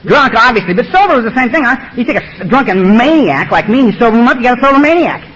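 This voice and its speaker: A man's voice: very high-pitched, sing-song, fast talker, a bit bright. A man giving a blunt, streetwise personal testimony at a recovery meeting in a meeting room. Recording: dull lo-fi recording.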